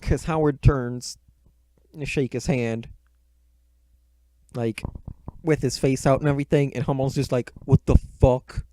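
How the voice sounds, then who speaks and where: Rambling through a profane, casual plot retelling, a man reviews a movie with frequent swearing and self-mocking asides, right up against the mic. His medium-pitched voice is mellow and unhurried, fairly even in intonation, pausing often, with slight background noise.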